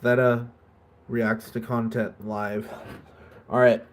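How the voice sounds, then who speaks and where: A man's voice: mid-range voice, little pitch movement, takes it slowly. A man chatting casually on a live stream, rambling and swearing now and then.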